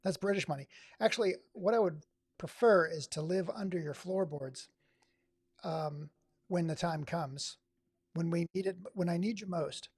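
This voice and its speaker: A man's voice: fairly high pitch, moderate pace, darkish tone, breathy edge, no room sound, clean studio sound. A man from Oregon hosting a live stream, giving sarcastic, exasperated running commentary. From Oregon, USA. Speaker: livestream host.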